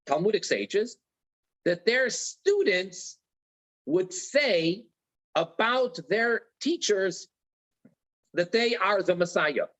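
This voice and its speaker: A man's voice: on the high side, fairly bright tone, rough recording. A man teaching a religious lecture in an earnest way, repeating key phrases for emphasis.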